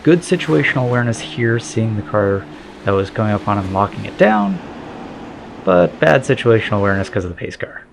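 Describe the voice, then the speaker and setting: A man calls his own race replay in a chatty, self-deprecating way. His voice has a gravelly edge. Faint game sound runs underneath. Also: lowish voice, lively intonation, brisk, background noise. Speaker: sim racing commentator.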